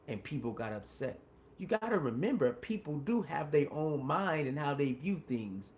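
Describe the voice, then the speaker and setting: A man's voice: on the high side, sing-song, normal speed, a little mellow. A man hosting his own commentary show, talking casually and emphatically with slang, often repeating his points. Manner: slangy and informal. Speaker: commentary channel host.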